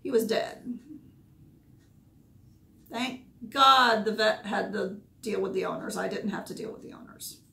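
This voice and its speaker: A woman's voice: mid-range voice, unhurried, creaky, long pauses, bright, forceful tone. A woman, a dog groomer candidly recounting past events in short, emotional bursts. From Georgia, USA. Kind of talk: personal storytelling. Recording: echoey room.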